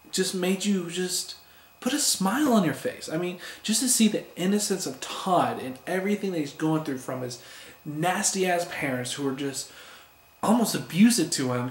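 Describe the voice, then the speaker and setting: Male comic reviewer, fairly high voice, gushing and rambling, recorded in a roomy space. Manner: enthusiastic, rambling, stumbles over names. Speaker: comic book reviewer on a video channel. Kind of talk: casual spoken review. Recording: echoey room.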